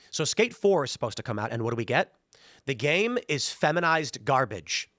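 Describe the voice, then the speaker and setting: A man's voice: mid-range voice, big pitch swings, normal speed, fairly bright tone, no room sound, clean studio sound. A man hosting a show, giving blunt, ranting opinion commentary. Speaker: show host.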